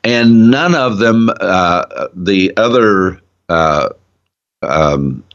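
A man's voice: sits low, animated, extremely slow, fairly bright tone, dull audio. A man, a ministry founder, talking as a guest in an earnest, enthusiastic casual Bible discussion.

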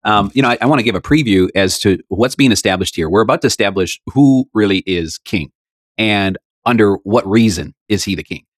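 A man co-hosting a casual Bible discussion, reading scripture and speaking in a calm, measured way. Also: on the low side, no room sound. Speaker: co-host of a Bible talk show.

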